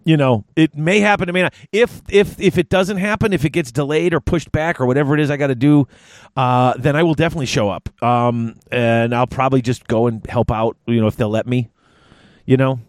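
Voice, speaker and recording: A man hosting a podcast, bantering loudly and joking at his own expense. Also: medium pitch, fairly quick, no echo. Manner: boisterous, self-mocking banter. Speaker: podcast host.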